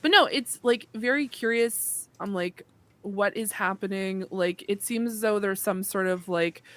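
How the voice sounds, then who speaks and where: A woman's voice: medium pitch, unhurried. A woman co-hosting a gaming podcast, chatting casually with many fillers and restarts. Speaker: podcast co-host. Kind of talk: casual chat.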